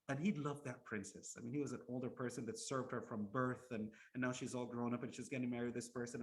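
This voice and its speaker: A man recounts an old tale in an Islamic lecture, mid-pitched and conversational. He often repeats words as he restarts, and throws rhetorical questions at his listeners. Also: fairly bright tone. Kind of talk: storytelling lecture.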